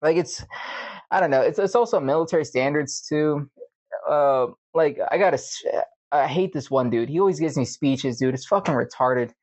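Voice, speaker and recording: A man's voice: fairly high pitch, moderate pace, a little mellow. A young man hosting a podcast, talking casually in a rambling, profane, venting way. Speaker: podcast host. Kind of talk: casual monologue. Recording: dull lo-fi recording.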